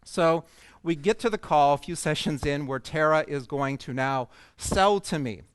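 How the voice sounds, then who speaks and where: A man's voice: fairly high pitch, normal speed, smooth, no room sound. A man giving a conference talk, telling a personal story with humor and self-deprecating asides to an audience. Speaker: speaker at a coaching conference. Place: conference stage.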